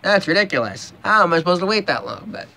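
A man's voice: high-pitched, sing-song, fast, gravelly, sharp tone, slight background noise. A young man ranting profanely and emphatically in a casual vlog, often stopping to restart a thought. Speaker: vlogger.

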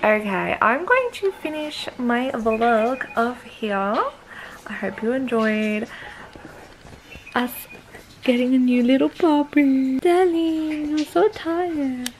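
Young aussie girl vlogging, baby-talking her new puppy, high swoopy voice, takes her time. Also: animated, slow pace, a little hiss or hum, rough recording. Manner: cooing baby talk to a puppy. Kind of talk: casual home vlog.

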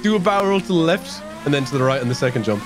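A man's voice: on the high side, lively intonation, very fast. A man, laughing and teasing friends during an online game race. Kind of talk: rowdy group gaming chat. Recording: game music behind voice.

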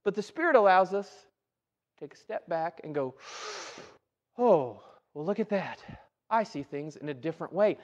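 A man's voice: extremely high pitch, fairly bright tone. A male pastor giving a sermon in a church, talking conversationally and often checking in with "right?". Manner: conversational, keeps asking "right?". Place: church sanctuary.

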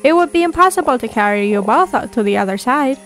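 A woman voicing a small, slimy, kindly male toad who speaks softly and courteously. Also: on the high side, expressive, fast, a little hiss or hum, poor audio.

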